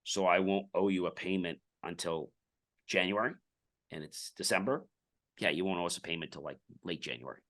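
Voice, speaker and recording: A man's voice: sits low, brisk, a bit bright. A middle-aged man, a podcast guest, telling a business story in casual interview talk and acting out the dialogue.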